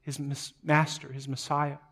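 A man delivering a sermon with a somewhat high voice. He retells a scripture story with dramatic swings, building to loud emphatic peaks and then dropping to hushed, low asides. He often doubles up words as he goes. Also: completely flat delivery, measured pace. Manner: repeats words as he speaks. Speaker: pastor.

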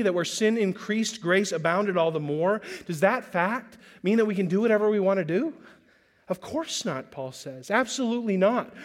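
A man preaching a sermon as pastor, earnest, with frequent restarts and slow, drawn-out emphasis. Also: sits high.

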